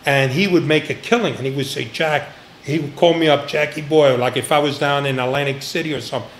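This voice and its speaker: An older man, a retired agent, sitting for a relaxed interview. He spins long stories with a slightly raised pitch, slipping into the voices of people he quotes. Laughter breaks into the telling often. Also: fast talker, slight background noise. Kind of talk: casual storytelling interview.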